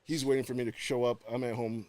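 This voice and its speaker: A man, a podcast guest telling a personal story in casual chat, animated and acting out the voices of the people in it. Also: mid-range voice, fast talker, no room sound.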